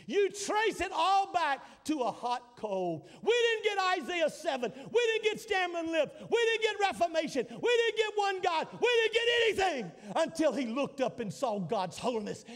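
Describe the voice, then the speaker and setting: Older guy preaching in a big church, really high voice swinging all over, long echo hanging off every line. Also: big pitch swings, moderate pace, few pauses. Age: 60s. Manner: preaching with rising shouts and dramatic repetition. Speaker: pastor. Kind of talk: sermon. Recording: long hall reverb.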